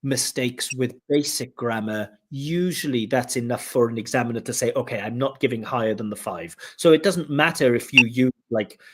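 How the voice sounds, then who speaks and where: A male speaking-test examiner gives a candidate direct, explanatory feedback on his scores, imitating flat intonation with "duh duh." His medium-pitched voice is husky, at a moderate pace with few pauses.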